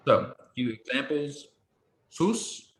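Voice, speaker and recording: A man teaching a one-on-one Hebrew lesson, patient, explaining slowly and repeating pronunciations for his student. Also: medium pitch, expressive, a bit bright, reverberant.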